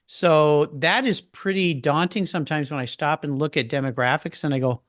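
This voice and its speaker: Enthusiastic older man, fairly high voice. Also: normal speed, a bit bright, no echo, studio quality. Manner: enthusiastic, storytelling. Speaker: podcast guest. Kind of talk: casual interview chat.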